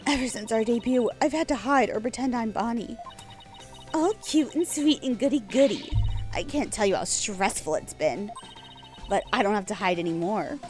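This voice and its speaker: A woman voicing a brash, sharp-tongued young female magician who talks in a snappy, defiant, rude way. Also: fairly high pitch, animated, moderate pace, soft background music, close to an everyday voice. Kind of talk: reading a game aloud with voices.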